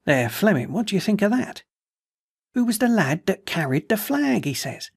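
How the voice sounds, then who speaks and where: A man plays an eager young soldier in a storybook, rushing through his news and mimicking others' voices. His voice is raised and gravelly. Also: sits high, sing-song, voice pushed up, exaggerated voice. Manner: eager, breathless retelling with mimicked quotes.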